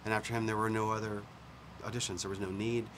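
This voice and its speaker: A middle-aged man, a film director, talking earnestly with halting restarts in a press interview. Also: on the low side, little pitch movement, a bit bright. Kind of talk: casual press-junket chat. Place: hotel room at a press junket. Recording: noisy room ambience.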